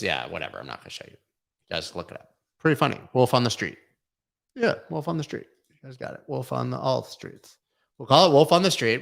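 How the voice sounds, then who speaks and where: A man's voice: mid-range voice, creaky, a bit bright. A man hosting a casual livestream chat, rambling and joking with lots of filler words. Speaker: host.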